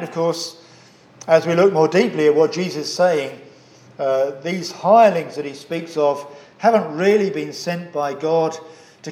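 A man preaching a sermon in a measured, earnest way, pausing often with "uh" fillers. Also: a little high, darkish tone, reverberant.

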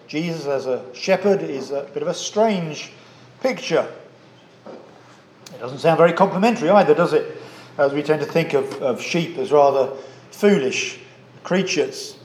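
A man's voice: on the high side, a little mellow. Earnest male preacher in an echoey church. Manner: measured, earnest, with frequent "uh" fillers. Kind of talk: sermon.

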